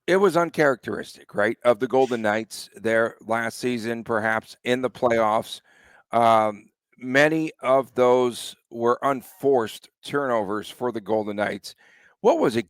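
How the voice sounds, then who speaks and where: Mid-pitched man hosting sports chat. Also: a little slow, clean tone, dry recording. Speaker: podcast host.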